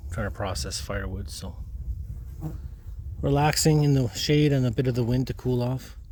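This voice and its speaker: Slow, easygoing man vlogging outdoors. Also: medium pitch, a little hiss or hum. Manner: relaxed, rambling, talks to himself with quiet offhand asides. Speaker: solo camping vlogger. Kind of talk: casual outdoor vlog commentary. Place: outdoors by a marsh in a forest.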